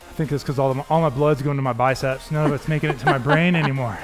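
A male coach instructs a workout at a quick pace, his medium-pitched voice fairly even in intonation. Still upbeat and encouraging, he counts reps and calls out form cues over faint background music.

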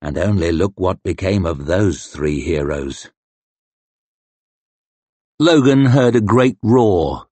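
A man reading a fantasy audiobook as narrator in a slow, measured manner. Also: fairly low pitch, dry recording. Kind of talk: scripted narration.

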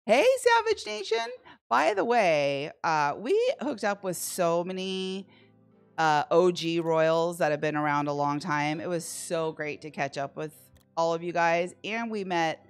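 A woman hosting a live slot stream from home, telling a story to her chat in an excitable way, laughing often and acting out what people said. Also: sits low, unhurried, smooth, faint music behind. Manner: animated, excitable, laughs often, acts out quotes.

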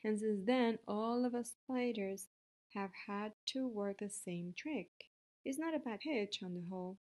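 A woman voicing a calm, clever female spider in a storybook read-aloud, matter-of-fact and measured. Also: mid-range voice, lightly acted. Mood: reflective.

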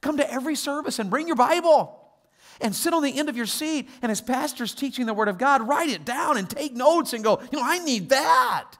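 A man preaching a sermon as a guest pastor, telling stories with quoted voices and moving from quiet asides to loud exhortation. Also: very high-pitched, a little fast.

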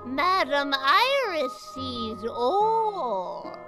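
A tiny toothless old fortune-teller crone who coaxes and cackles, her voice pitched extremely high and swooping wildly as she drawls each word out slowly. She is sly and sinister, and her voice sits over music in an audio drama. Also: sing-song, full character voice. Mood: sly, coaxing. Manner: cackling, wheedling, drawn-out sly delivery.

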